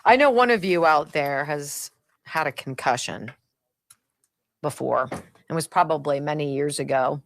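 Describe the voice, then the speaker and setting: A middle-aged woman hosting a talk radio show, delivering an opinionated, sarcastic monologue and a host-read ad, laughing often and swinging between high excited bursts and low muttered asides. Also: measured pace, pauses often, no room sound, clean studio sound.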